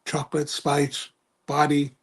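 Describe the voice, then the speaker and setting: A husky, slightly high male voice delivers everything completely flat and a little slowly. He's an American cigar review livestream host, casually chatting, reading viewer comments, and rambling through stories with lots of self-corrections.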